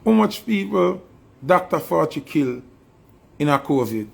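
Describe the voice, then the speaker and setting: A man's voice: a little high, big pitch swings, measured pace, creaky, breathy edge. A man with a Jamaican accent delivering a heated, preachy monologue straight to his viewers, his anger rising as he goes. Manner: preachy, rising to angry shouting. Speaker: video commentator.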